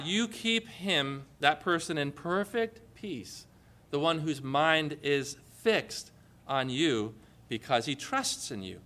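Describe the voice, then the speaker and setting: A man preaching a sermon in church, animated and acting out the quoted lines in changing voices. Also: sits high. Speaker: pastor.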